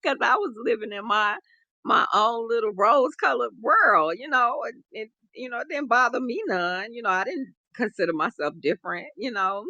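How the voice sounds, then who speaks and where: A woman guest, a relationship coach, telling a personal story in an animated conversational way, full of "you know". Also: a little high, normal speed, no echo, highs cut off. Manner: animated, acts out quoted voices, frequent "you know".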